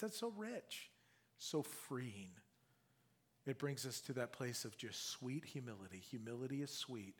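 A man preaching a sermon in a conversational, emphatic way, rising loud on key words and dropping low and quiet to drive points home. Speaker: pastor.

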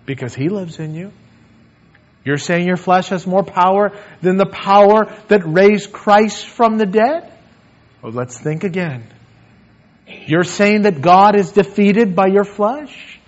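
A man preaching a sermon in a church sanctuary and leading a prayer, earnest, swinging between emphatic lines and hushed ones. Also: sits high, lo-fi sound.

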